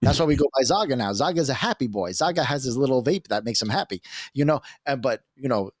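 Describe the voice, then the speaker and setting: A man's voice: medium pitch, lively intonation, fast, no room sound, studio quality. A man co-hosting a casual podcast, rambling and profane, full of brash self-assurance. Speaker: podcast co-host.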